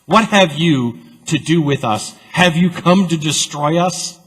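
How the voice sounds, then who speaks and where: A man's voice: a little high, unhurried, a bit bright, husky, big-room sound, voice pushed up. A man voicing a seething demonic spirit that hisses its challenge, acted out within a sermon. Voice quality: hissing, menacing.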